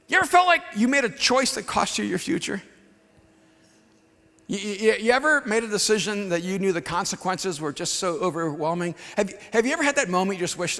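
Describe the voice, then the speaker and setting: A man in his fifties preaching a sermon as a pastor, telling a story with animated swings from hushed to shouting. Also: high-pitched, moderate pace, long pauses. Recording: long hall reverb.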